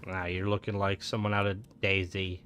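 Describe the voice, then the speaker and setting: A man's voice: low-pitched, monotone, moderate pace, a bit bright. A man streaming a video game, chatting casually with lots of fillers and restarts. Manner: rambling, filler-heavy, upbeat. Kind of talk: casual gameplay commentary.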